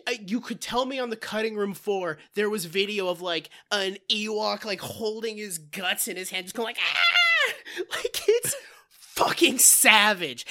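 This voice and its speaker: Man, podcast co-host, casual comedic chat, excitable storyteller, bright tone. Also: high-pitched. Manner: excitable, swearing storyteller who laughs through his retelling.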